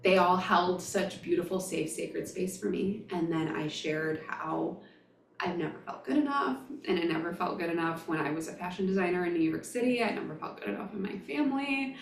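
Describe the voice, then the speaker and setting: Woman in her thirties, spiritual storytelling, emphatic, gushing, low voice, roomy sound with faint music. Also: distant mic. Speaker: spiritual vlogger. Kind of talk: personal storytelling monologue.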